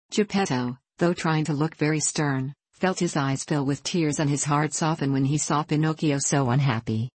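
A woman narrating a children's storybook in a steady, measured reading voice. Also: sits low, breathy edge, no room sound. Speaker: audiobook narrator.

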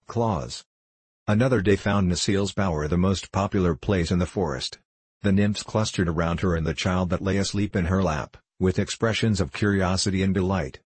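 A man narrating a storybook in a measured, calm reading. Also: deep voice, husky, no echo. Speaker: audiobook narrator.

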